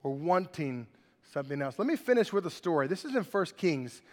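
A pastor preaching a sermon and reading scripture, acting out the characters with animated voices. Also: male voice, fairly high pitch, a little fast, long reverb tail.

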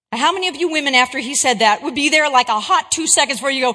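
A woman giving a Christian talk to an audience, an English teacher and animated storyteller who keeps checking in with her listeners. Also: high-pitched, very fast, few pauses, in a large hall.

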